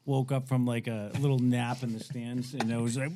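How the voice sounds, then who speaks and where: A man's voice: mid-range voice, flat delivery, moderate pace, a loud crowd. Self-mocking man in his forties. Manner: self-mocking, laughing storyteller. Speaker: podcast guest. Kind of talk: casual chat.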